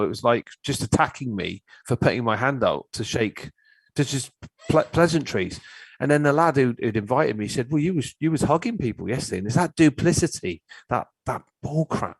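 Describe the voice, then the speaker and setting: A man's voice: medium pitch, lively intonation, fairly quick, husky, dry recording, rough recording. A man, telling a story in a blunt, ranting way as a filmmaker guest on a casual chat show. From Cornwall, England.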